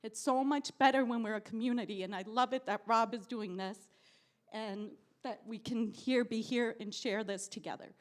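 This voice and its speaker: A woman's voice: on the high side, fairly even intonation, normal speed. Exasperated profane woman at an open mic. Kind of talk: spoken word storytelling. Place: live cafe event.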